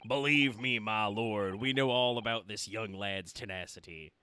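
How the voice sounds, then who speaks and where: A man voicing a blustering, boastful jury foreman in a video game, speaking loudly and brashly. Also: lowish voice, moderate pace, slight background noise.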